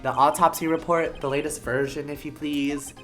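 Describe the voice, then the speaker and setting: A woman's voice: deep voice, steady tone, normal speed, faint music behind, lightly acted. A woman reading the lines of an earnest young male defense attorney in a video game, polite with a slight nervous stammer.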